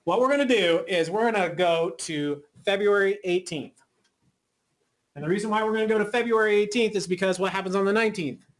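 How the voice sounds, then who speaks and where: In a school classroom, a woman teacher gives a class of children patient, coaxing instructions, often checking with "okay." Her voice is medium-pitched and fairly quick.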